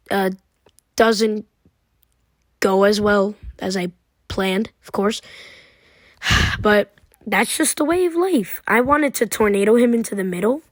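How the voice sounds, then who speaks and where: A woman's voice: mid-range voice, no room sound, studio quality. A young woman giving casual, playful commentary on her own game, trash-talking her opponent as she walks through each move. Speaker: gaming commentator.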